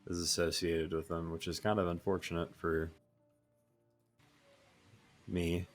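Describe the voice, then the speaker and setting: A man's voice: deep voice, level tone, a little slow, faint music behind. A man playing a role-play game, filling in another player in a loose, offhand way full of fillers. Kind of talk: casual in-character role-play chat.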